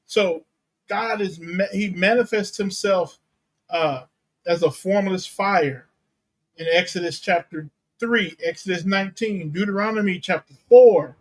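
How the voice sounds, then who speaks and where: Heard through poor audio, this high-voiced man is a pastor delivering a teaching sermon. His exposition is slow and deliberate as he reads and explains Bible verses, breaking down Greek terms along the way.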